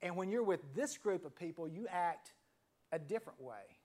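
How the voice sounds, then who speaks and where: A pastor in his fifties delivers a sermon in an easy, conversational voice. He tells a story, then pauses and lets the ends of key phrases fall to a soft near-whisper. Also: sits high, expressive. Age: 50s.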